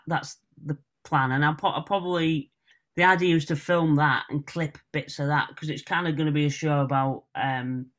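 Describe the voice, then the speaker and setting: A man with a Northern English accent, talking as a comedian guest in a casual podcast interview. His voice sits at an ordinary middle pitch, and he talks in a chatty, rambling, self-deprecating way.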